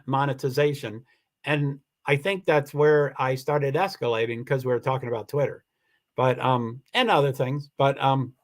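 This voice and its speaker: A man hosting his own livestream, reading viewer comments aloud in casual talk, halting with many restarts and turning firm and insistent. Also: medium pitch, fairly bright tone. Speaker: livestream host.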